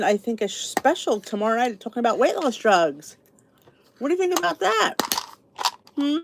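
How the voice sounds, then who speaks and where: A middle-aged woman hosts a casual live podcast stream, her voice a little high with a darkish tone. She chats and rambles, greeting viewers by name, yet sounds tired and sleepy.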